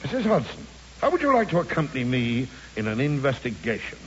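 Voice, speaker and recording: An actor playing a pompous Victorian detective in a comic radio play, with a theatrical, mock-grand manner. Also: male voice, medium pitch, wildly swooping pitch, a little fast. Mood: commanding. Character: pompous Victorian detective, man, middle-aged. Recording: dull lo-fi recording, loud hiss.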